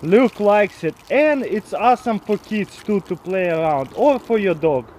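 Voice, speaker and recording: A man with a raised, light voice walks the viewer through simple tricks in a casual how-to vlog. His English is loose and non-native, full of excitement. He breaks off to talk to his dog over a light background hiss. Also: high voice, a little slow, rough recording. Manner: chats to his dog while filming. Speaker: vlogger demonstrating life hacks.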